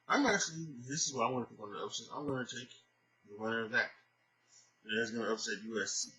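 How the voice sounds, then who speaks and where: A man's voice: on the low side, bright, forceful tone, low-quality recording. A tired man hosting a casual solo sports podcast, rambling through his picks with many fillers and restarts. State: tired, sleepy. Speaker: podcast host.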